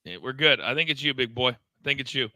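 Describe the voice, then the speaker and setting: A middle-aged co-host and ex-wrestling coach speaks fast in a mid-range voice on a casual wrestling talk show. Poor, dry audio captures his lively backstage anecdotes, which are riddled with stammers and repeated words.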